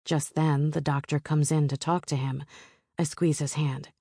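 A woman narrating a romance audiobook in the first person with a soft, intimate storytelling manner. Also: low voice, fairly even intonation, moderate pace, husky, no echo, clean studio sound.

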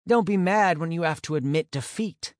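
A man's voice: on the high side, normal speed, no room sound, clean studio sound, pitched above the performer's own voice, lightly acted. A man voicing a lonely, guarded teenage boy in an audiobook, giving short, wry replies.

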